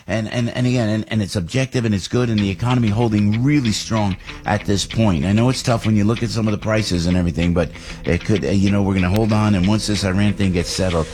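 A man's voice: on the low side, fairly even intonation, fast talker, a little mellow, slight background noise. A man hosting a radio talk show, telling stories in an enthusiastic, rambling way.

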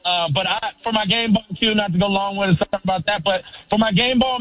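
A middle-aged man from Sacramento, California, calls into a sports radio show over a tinny phone line with no room sound. His voice sits high, with fairly even intonation, and he talks fast, excitedly rambling and calling the host "brother."

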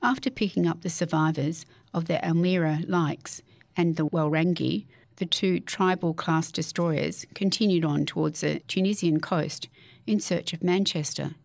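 Woman, gravelly voice, lowish pitch, steady book reading, dry close sound. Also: moderate pace, dry recording. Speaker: radio show guest reader.

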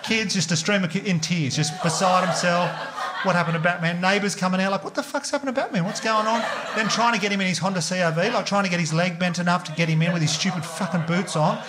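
A man in his thirties with an Australian accent, doing stand-up storytelling, lively and swearing, laughing through punchlines and acting out what people said. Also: high voice, fast, very noisy. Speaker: stand-up comedian.

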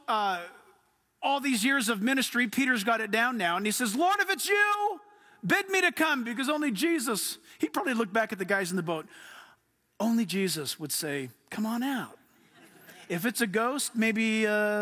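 Man preaching, really high voice, drawn out and emphatic, long echo like a big church. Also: sharp tone. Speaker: pastor. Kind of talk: sermon. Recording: long hall reverb.

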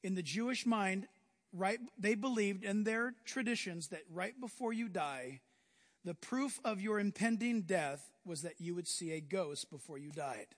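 High pitched guy preaching, super animated, long echo like a big hall. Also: a little slow. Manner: animated, acts out biblical scenes in voices. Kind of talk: sermon.

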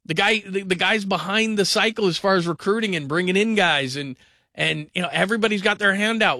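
A man hosting a sports talk radio show, talking in an energetic, rambling, conversational way. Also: high-pitched, fairly quick, no echo, clean studio sound.

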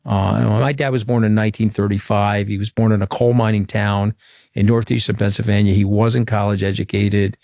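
A middle-aged man from Long Island, New York, recounting events as an interview guest in a frank, emphatic, anecdotal way. His voice sits fairly low. The sound is dry and close, with little room around it. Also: flat delivery, moderate pace, vocal fry, a little mellow, dry recording. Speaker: interview guest, former political communications director. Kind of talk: candid storytelling in an interview.

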